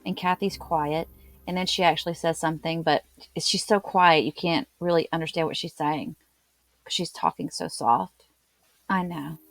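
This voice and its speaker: A woman's voice: moderate pace, gravelly, no room sound. A woman hosting a true crime talk, retelling an interrogation and reading out the quoted lines with extra emphasis. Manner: reads quotes with raised pitch and emphasis. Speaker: true crime channel host.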